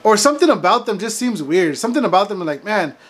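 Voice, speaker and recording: Very high-voiced preachy man. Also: sing-song, quick pace, a bit bright. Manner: emphatic, ranting, preacher-like. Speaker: Christian faith vlogger. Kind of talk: preachy motivational monologue.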